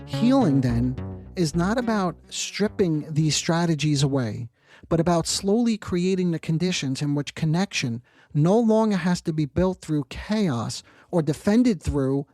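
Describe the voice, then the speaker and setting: A man talks through clinical ideas in a measured, reflective way, slowing down when he quotes what he might say to a client. His voice sits a little high for a man. The sound is dry and close, with no room around it. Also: darkish tone, no room sound. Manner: measured, reflective, slows to quote example phrasings. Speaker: psychotherapist podcast host. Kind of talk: explanatory monologue.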